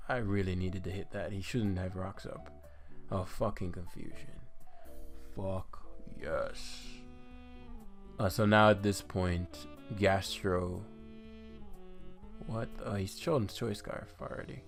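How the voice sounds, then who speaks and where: A man's voice: sits low, fairly even intonation, unhurried. A man giving live commentary on a competitive game, swearing and trash-talking his opponent as he plays. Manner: profane, frustrated, trash-talking. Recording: faint guitar music behind.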